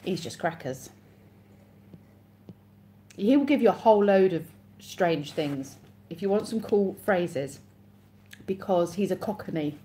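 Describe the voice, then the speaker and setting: A woman's voice: lowish voice, animated, takes it slowly, long pauses, dark tone, a little hiss or hum. An English woman hosting a casual live stream, chatting and reading viewer comments aloud with frequent laughs. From England.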